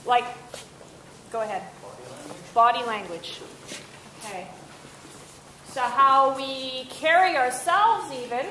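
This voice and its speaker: A woman's voice: sits high, unhurried, pauses often, sharp tone. A woman presenter leading an interactive talk with teenagers, upbeat and asking the class questions. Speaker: workshop presenter. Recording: echoey room, faint noise.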